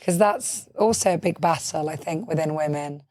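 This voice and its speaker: Woman, podcast host, thoughtful, gently probing, lowish voice, dry close sound. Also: normal speed, no echo. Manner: thoughtful, gently probing, many "um" and soft "mm-hmm" responses. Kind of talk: interview.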